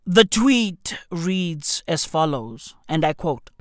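A woman giving a comedic, slangy rant to camera, bursting into shouts. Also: sits low, sing-song, takes it slowly, hardly any pauses, no echo, studio quality. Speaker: vlogger.

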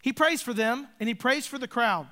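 A man preaching a sermon as pastor, earnest and emphatic, with dramatic pauses. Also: very high voice, sharp tone.

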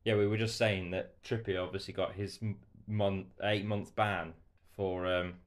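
An English podcast host talks casually about football in a low, flat, unhurried voice. He laughs often and pokes fun at himself.

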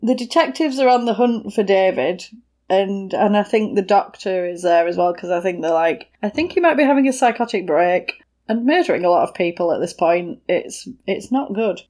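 A woman's voice: medium pitch, animated, normal speed, a little mellow. A woman in casual chat, recapping a film with giggles and silly voices for the people in it. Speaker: podcast co-host.

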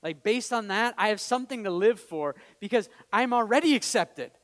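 A man's voice: high-pitched, animated, moderate pace, a bit bright. A man preaching a sermon as pastor, earnest and building to emphatic peaks, with light laughs between points. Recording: long hall reverb.

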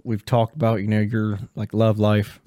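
A man's voice: fairly low pitch, monotone, normal speed, dark tone, no echo, studio quality. A young man co-hosting a casual podcast, bantering and joking playfully. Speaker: podcast co-host. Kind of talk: casual chat.

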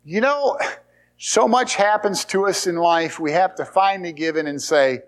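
A male pastor with a slightly higher voice preaches, reading scripture and then retelling it with animated, storytelling energy. He moves between reading and lively comment. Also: normal speed. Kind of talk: sermon.

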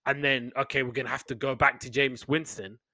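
A man's voice: fast, no echo. A man, co-hosting a casual sports podcast and talking animatedly. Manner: animated, gets loud and high when excited. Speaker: podcast co-host.

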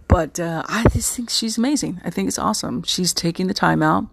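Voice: medium pitch, animated, fairly quick, vocal fry, husky, no room sound. A podcast host from Texas in a rambling, chatty solo monologue, full of fillers and self-mocking asides. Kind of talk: casual solo podcast chat.

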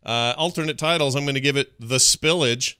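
A man's voice: mid-range voice, brisk, sharp tone, clean tone, no echo, studio quality. A man co-hosting a movie podcast in casual chat, talking with rambling enthusiasm. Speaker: podcast co-host.

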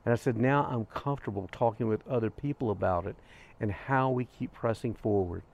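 An older man hosting a grief vlog, telling a personal story in an earnest, gentle way with soft pauses. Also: medium pitch, vocal fry, muffled recording. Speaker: grief podcast host. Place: outdoors on a hiking trail.

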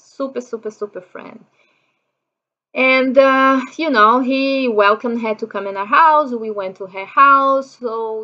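A woman's voice: medium pitch, pushed and bright, lo-fi sound. A middle-aged woman from Brazil with a Brazilian Portuguese accent, telling a personal story in a chatty way, full of "you know" fillers and acted-out quotes.

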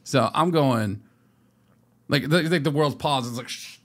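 A man chats casually on a podcast. His voice sits at a middle pitch, and he tells rambling, profane stories, acting out what others said. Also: unhurried, a bit bright. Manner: profane, storytelling with put-on quotes. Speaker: podcast co-host. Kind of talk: casual chat.

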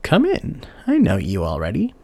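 Brief: stern old woman of a fairy tale, deliberate and gravelly, in a dry close recording; a man reads her. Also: mid-range voice, huge pitch swings, a little mellow, dry recording, full character voice. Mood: kindly. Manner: slow, archaic and measured. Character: stern old wise woman, kindly underneath.

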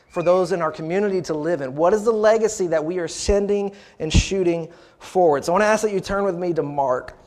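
A man's voice: a little high, darkish tone. A male pastor preaching a sermon, repeating phrases and calling out to the congregation.

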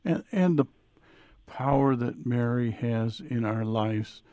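A co-host of a talk show speaking hesitantly, searching for words. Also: male voice, medium pitch, slow pace, dark tone, no room sound.

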